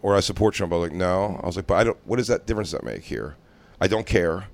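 Fast-talking low-voiced man telling a story. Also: gravelly, no room sound. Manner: animated, acts out dialogue, swears freely. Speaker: podcast co-host telling a story. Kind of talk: casual chat, storytelling.

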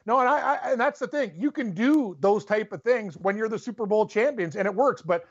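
A man from Canada holds forth on a sports podcast with a high, lively voice. He rants with strong opinions. The audio is dull and lo-fi. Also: husky. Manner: animated, opinionated, quick to rant. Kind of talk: casual sports debate.

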